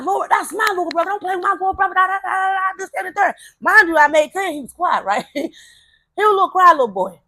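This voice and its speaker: A woman telling a personal story in a casual, animated way, acting out the voices of the people she quotes. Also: fairly high pitch, dry recording.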